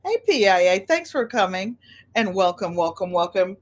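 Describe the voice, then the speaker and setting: A woman's voice: mid-range voice, big pitch swings, normal speed. Older woman hosting a livestream, rambling casual chat, welcomes viewers by name. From United States. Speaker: livestream host.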